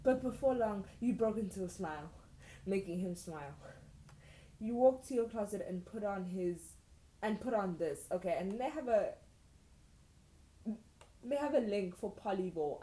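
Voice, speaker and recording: A young woman reads an old fan story aloud at an ordinary pitch and keeps stopping to mock it in a sarcastic, disbelieving tone. Her voice carries a noticeable room echo, as if she is recording in a bare room. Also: animated, normal speed, pauses often, warm tone. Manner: sarcastic, incredulous asides between read passages. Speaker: YouTuber. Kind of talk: reading fan fiction aloud with mocking asides. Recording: roomy echoey room.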